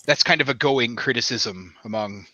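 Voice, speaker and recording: A man's voice: mid-range voice, normal speed, sharp tone, no room sound. A man co-hosting a podcast, talking casually and plainly about horror movies. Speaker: podcast co-host. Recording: dull lo-fi mic.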